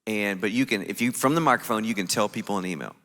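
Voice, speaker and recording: A man's voice: lowish voice, fast. A man telling a story to a conference audience from the stage, acting out his own reactions as he goes. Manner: animated, acts out his own quoted reactions. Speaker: conference speaker. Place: conference stage in a large venue. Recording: echoey large hall.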